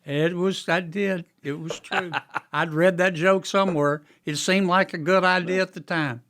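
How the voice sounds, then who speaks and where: A man with a Louisiana Southern drawl, a guest chatting on a podcast with folksy dry wit and halting restarts. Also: high-pitched, fairly even intonation, a bit bright. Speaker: guest senator. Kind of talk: casual podcast conversation.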